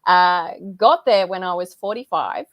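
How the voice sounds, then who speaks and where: A woman's voice: fairly low pitch, expressive, a little slow, dry recording, dull audio. A woman in her fifties, a podcast guest in casual chat over a video call, telling a personal story with feeling and frequent laughter. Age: 50s. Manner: emotional, storytelling, laughs often.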